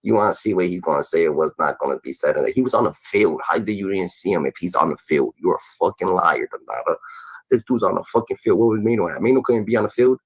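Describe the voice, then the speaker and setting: A man's voice: low voice, fast talker, slightly rough, no room sound, poor audio. A man reacting to an interview clip in a profane, mocking rant, padding his lines with a chanted filler. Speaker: reaction commentator.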